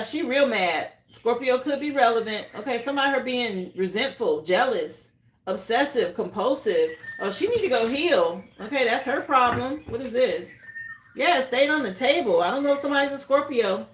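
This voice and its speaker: A woman's voice: a little high, expressive, moderate pace, roomy sound, slight background noise. A woman who grew up in Miami, doing a live tarot reading in a casual, drawling way, often asking "okay?". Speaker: tarot reader.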